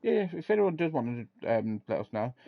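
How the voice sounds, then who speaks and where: A man's voice: mid-range voice, very animated, a little fast, vocal fry, no room sound, phone-quality sound. A man hosting a casual podcast, laughing often and reading aloud from a web page, with some swearing. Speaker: podcast host. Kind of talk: casual chat.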